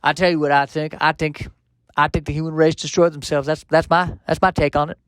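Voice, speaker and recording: A man's voice: a little high, flat delivery, a little fast, a bit bright, clear, resonant tone, no room sound, close to an everyday voice. A man voicing a folksy robot from the future with a Southern US accent. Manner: folksy, drawling.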